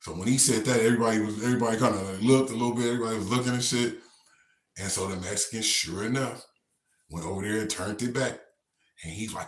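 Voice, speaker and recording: A man's voice: on the low side, normal speed, long pauses, fairly bright tone, echoey room. Laid-back man telling a story. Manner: laid-back, slangy, rambling. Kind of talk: casual storytelling.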